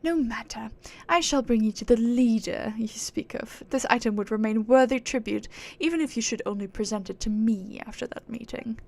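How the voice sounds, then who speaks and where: A proud, otherworldly female spirit from a fantasy game, talking down to mere mortals in a put-on British accent, played by a woman reading her lines. Her manner is lofty and theatrical. The tone sits a little high with a gravelly fry underneath. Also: normal speed, hardly any pauses, darkish tone. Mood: haughty. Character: haughty divine female spirit, aloof and grandiose.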